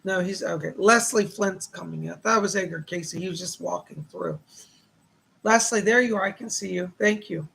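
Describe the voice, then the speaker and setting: Gravelly, husky man giving psychic readings. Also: high voice, moderate pace, bright, forceful tone. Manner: reassuring, relays spirit messages, reads viewer questions aloud. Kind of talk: live-stream psychic reading.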